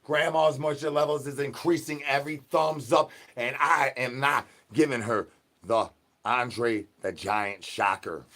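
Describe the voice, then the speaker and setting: A man hosting a livestream, rambling nonsense and chanting the same catchphrases at his chat, dropping to a mumble and then bursting out louder. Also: medium pitch, a little slow. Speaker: livestream host. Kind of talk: absurd livestream banter.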